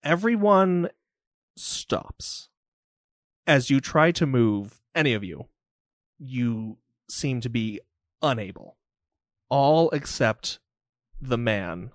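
A man running a tabletop game, narrating gory, dramatic scenes in slow, deliberate, vivid detail. His voice sits mid-range and sounds dry and close, with light music under it. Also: mid-range voice, no echo. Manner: vivid, descriptive, loose with fillers. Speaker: game master.

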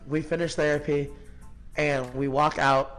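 Guy in his 30s on a podcast, kinda high voice, super animated, says like a lot, faint music under it. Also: measured pace. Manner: animated, acts out quoted people, frequent "like" fillers. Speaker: podcast guest. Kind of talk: casual conversational storytelling.

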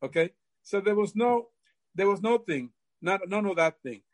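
Older man, halting, repeats himself. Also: sits high, animated. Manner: halting, repeats words often. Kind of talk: casual storytelling.

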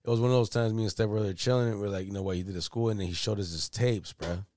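A man's voice: lowish voice, rapid-fire, a little hiss or hum. A man co-hosting a casual podcast, telling a story with lots of slang and swearing and acting out the voices of other people. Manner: animated storyteller, acts out quoted voices loudly. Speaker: podcast co-host. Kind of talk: casual chat.

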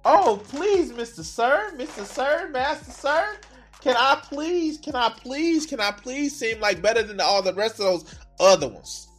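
A man's voice: extremely high pitch, expressive, a little slow, a bit bright, soft background music, voice pushed up, exaggerated voice. A man putting on the voice of a fawning male servant who pleads and grovels. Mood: groveling.

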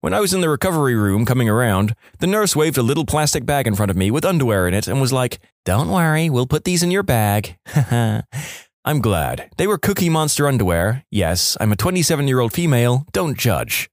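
Brief: male story reader, lively wry delivery, dry close-mic sound. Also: mid-range voice, fast, hardly any pauses, no room sound. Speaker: narrator. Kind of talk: reading online stories aloud.

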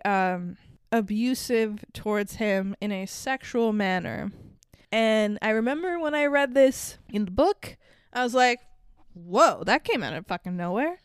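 A woman's voice: a little high, clear, resonant tone, dry recording, studio quality. A woman co-hosting a casual movie podcast, swearing freely, laughing often and acting out the characters' lines. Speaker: podcast co-host. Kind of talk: casual movie-review chat.

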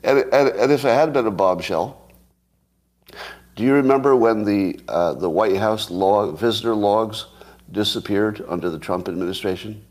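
A man with a fairly low voice talks through the day's headlines on his own. He is sarcastic, swings into mock outrage and chuckles at his own points. He thinks aloud, often breaking off and restarting his sentences. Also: moderate pace, darkish tone. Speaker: commentary host. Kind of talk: solo news commentary.

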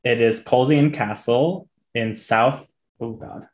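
A man's voice: mid-range voice, measured pace. Male co-host, casual, hedging delivery, mid-range voice. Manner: loose and hedging, many "like" fillers. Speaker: podcast co-host. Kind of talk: casual movie discussion.

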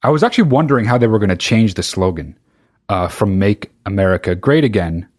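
A man's voice: lowish voice, lively intonation, fairly quick. A man hosting his own podcast, talking in a profane, rambling comedic monologue that keeps interrupting itself. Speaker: podcast host.

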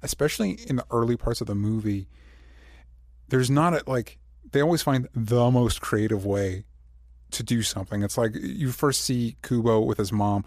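A man with an ordinary mid-range voice co-hosts a casual film review. He talks eagerly in halting bursts, packed with fillers and restarts. The recording is dry and close. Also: medium pitch, a little mellow, dry recording. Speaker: movie review podcast co-host. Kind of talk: casual movie review chat.

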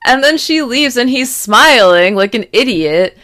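A young woman hosting a podcast, recapping a TV episode in frank, casual chat full of "like" and raising her voice when excited. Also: on the high side, a little slow, dry recording, studio quality. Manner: chatty, frank, lots of "like" fillers; gets loud when excited. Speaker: podcast host recapping a TV series.

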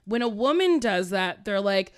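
A woman's voice: medium pitch, sing-song, moderate pace, smooth. A woman co-hosting a casual podcast, opinionated, with hesitant restarts as she speaks. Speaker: podcast co-host. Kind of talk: casual chat.

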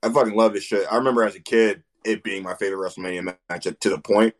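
Enthusiastic profane man, lowish voice. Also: fairly even intonation, fast talker. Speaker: podcast co-host. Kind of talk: casual podcast chat.

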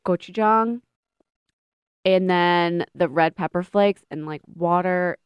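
A woman's voice: on the low side, takes it slowly, smooth, dry recording, highs cut off. A woman co-hosting a podcast, chatting casually with lots of fillers and trailing sentences. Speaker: podcast co-host. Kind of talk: casual chat.

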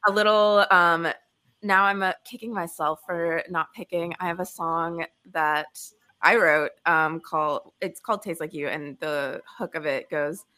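A woman singer-songwriter chatting as a guest, halting and searching for her words. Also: fairly low pitch, steady tone, pushed and bright. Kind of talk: casual chat.

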